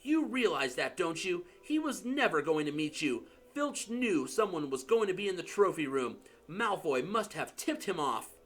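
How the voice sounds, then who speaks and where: A man's voice: a little high, sing-song, normal speed, hardly any pauses, a bit bright. A man voicing a bossy, clever young schoolgirl with a know-it-all manner.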